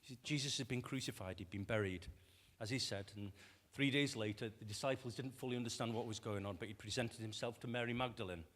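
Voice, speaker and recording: Talking fast with few pauses, a mid-range male pastor delivers a conversational sermon full of rhetorical questions for his congregation. He brings quoted voices to life with lively shifts, all within the long reverb of a church hall.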